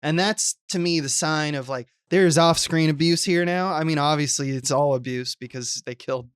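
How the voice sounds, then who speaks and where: A man co-hosting a podcast, talking through a movie in a relaxed way with lots of hesitations and fillers. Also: fairly high pitch, normal speed, clear, resonant tone, no room sound, clean studio sound. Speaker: podcast co-host. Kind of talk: casual film discussion.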